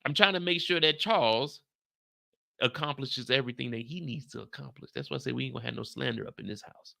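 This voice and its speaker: A man hosting a live stream, recapping a TV episode in casual chat, animated and slangy and talking straight to his viewers. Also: mid-range voice, fast, creaky, no echo, studio quality. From United States. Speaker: show host recapping a TV episode.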